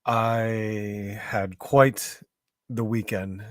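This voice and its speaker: Tired, hoarse man chatting slowly. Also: medium pitch, fairly even intonation, dry recording, studio quality. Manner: rambling, greets chat viewers by name. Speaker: live stream host. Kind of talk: casual live stream chat.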